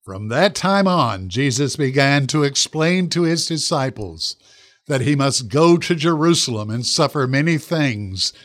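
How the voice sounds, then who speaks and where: A man preaching a sermon as pastor on a radio program, slowing down to stress key phrases. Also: mid-range voice, animated, fairly bright tone. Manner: slow, deliberate emphasis on key phrases.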